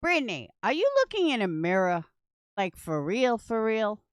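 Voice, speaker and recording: Woman, sarcastic commentary host, heavy swearing, smooth voice, dry sound. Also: mid-range voice, sing-song, moderate pace, dry recording. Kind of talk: profane commentary on clips.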